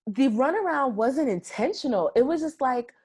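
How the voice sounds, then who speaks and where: A woman's voice: high voice, expressive, moderate pace, a little mellow, husky. A woman in her thirties, a guest in an interview, earnestly telling a personal story with many "like" fillers. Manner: earnest, heartfelt, frequent "like" fillers.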